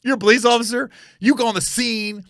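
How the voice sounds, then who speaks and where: A man hosting a comedy podcast, telling a funny story with animated energy and loud reenactments. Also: fast talker, dry recording, clean studio sound. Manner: animated storyteller, bursts into high shouted yelling when reenacting.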